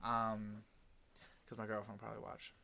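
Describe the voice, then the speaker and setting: Rambling young man, quick and mumbly. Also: on the low side, completely flat delivery, creaky, pushed and bright, slight background noise. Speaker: podcast host. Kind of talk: casual chat.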